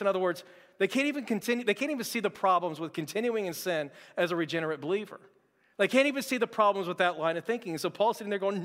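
High-voiced young pastor preaching in a reverberant hall. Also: male voice, lively intonation, fairly bright tone. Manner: conversational, joking preacher with quick asides. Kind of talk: sermon. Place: church sanctuary.

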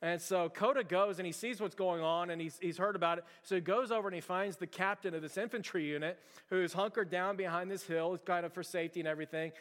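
A man preaching a sermon as pastor, telling stories in an animated, conversational and emphatic way. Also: high voice, fast, few pauses, long reverb tail.

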